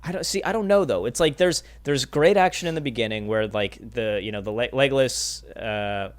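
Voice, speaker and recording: A man in casual conversation about films, excitable and loose, throwing in swear words. His voice sits at an ordinary middle pitch. He rambles and restarts as he talks. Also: a little fast. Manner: excitable, swears, says dude a lot. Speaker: podcast co-host. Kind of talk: casual chat.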